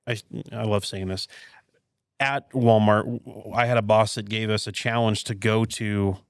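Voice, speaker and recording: A man's voice: fairly low pitch, unhurried, clear, resonant tone, no echo. Dry-miked man telling retail stories. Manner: animated storyteller, rhetorical "right?" asides. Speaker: podcast host and retail veteran. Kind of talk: casual podcast chat.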